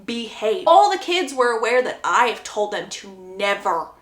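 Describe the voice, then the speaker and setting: A woman's voice: medium pitch, sing-song, moderate pace, a bit bright. A woman voicing a strict middle-aged father who scolds his kids, in a roomy echo. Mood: scolding.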